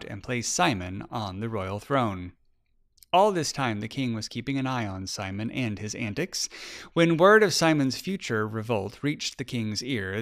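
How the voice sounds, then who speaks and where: Gravelly man reading a storybook. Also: medium pitch. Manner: expressive, lively reading. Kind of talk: storybook read-aloud narration.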